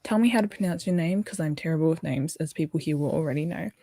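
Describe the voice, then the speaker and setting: A young Australian woman hosts a livestream at dawn, sounding tired. Her voice sits low and mellow, and the dry sound keeps her close. She rambles casually and answers viewer comments as she goes. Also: quick pace, dry recording. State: tired, early morning. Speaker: livestream host. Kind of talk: casual livestream chat while building.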